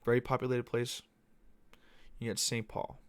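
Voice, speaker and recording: A man's voice: mid-range voice, monotone, moderate pace, clean tone, dry recording. A young man hosting a podcast, talking casually in a loose, profane, meandering monologue. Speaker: podcast host. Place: Arizona.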